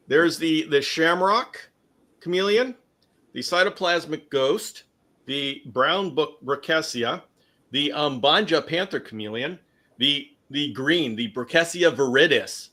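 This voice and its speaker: A man's voice: fairly high pitch, bright, forceful tone. A middle-aged man from California hosting a casual livestream, chatting and reading viewer comments aloud. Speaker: livestream host.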